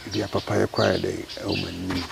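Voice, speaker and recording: Ghanaian man, 50s, interviewee. Low, gravelly, rambling, repetitive delivery; noisy outdoor recording. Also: little pitch movement, very fast. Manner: rambling, repetitive speech mixing Twi and English. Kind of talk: street interview, casual talk.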